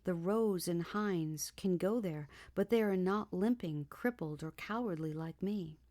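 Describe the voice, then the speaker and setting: A woman's voice: fairly low pitch, a little slow, mellow, natural voice. A woman reading an audiobook, voicing a timid, frightened young woman who pleads and trembles. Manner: pleading, sobbing, breathless.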